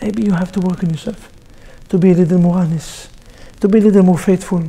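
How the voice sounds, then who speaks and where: Man, rabbi giving a lively class, mellow warm tone, joking storyteller. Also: sits high, fast talker, vocal fry, slight background noise. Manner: animated storyteller, joking, with sound effects. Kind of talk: lively sermon to a live group.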